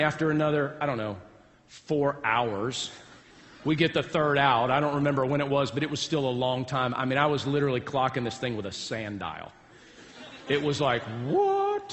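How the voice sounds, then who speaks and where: A man's voice: medium pitch, fairly bright tone. A man, a pastor, telling a folksy, humorous story in a sermon, recorded with long hall reverb in a large church.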